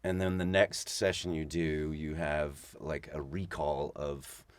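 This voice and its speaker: A man's voice: a bass voice, level tone, slow, clear, resonant tone, dry recording. A middle-aged man telling stories in casual podcast chat, rambling and restarting as he talks. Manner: rambling, with many restarts and fillers. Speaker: podcast guest.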